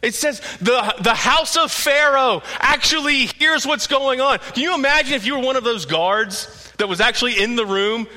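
A man preaching a sermon, telling the story with lively animation and acting out the quotes. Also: very high voice, normal speed, hardly any pauses. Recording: echoey hall.

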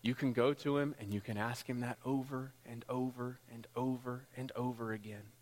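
A man preaching a sermon as pastor, rising into loud, impassioned passages. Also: steady tone, normal speed. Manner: builds to loud, high-pitched pleading passages. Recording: long hall reverb.

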